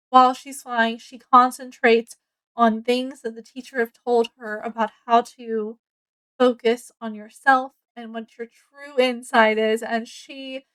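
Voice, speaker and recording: A woman's voice: a little high, smooth, rough recording. A woman casually reviewing a book, retelling its plot in a rambling way with many ums and self-corrections. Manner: acts out characters' lines with excitement.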